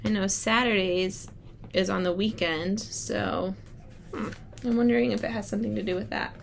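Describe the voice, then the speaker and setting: A woman's voice: medium pitch, fairly even intonation, vocal fry, a little hiss or hum. Woman teacher reading a book aloud. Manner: thinks aloud slowly, modeling reading strategies. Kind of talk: read-aloud lesson for children.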